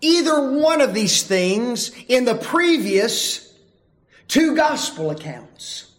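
A man preaching a sermon, emphatic and full of rhetorical questions, swinging from loud calls to hushed asides. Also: very high voice, very animated, slow.

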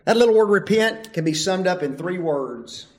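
A man preaching a sermon, emphatic and full of rhetorical questions, swinging from loud calls to hushed asides. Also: high voice, lively intonation, moderate pace.

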